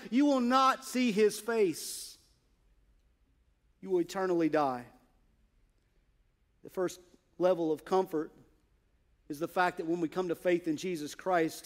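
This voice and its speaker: A male pastor preaching a sermon in church, earnest, moving from hushed asides to emphatic, stressed points. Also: high-pitched.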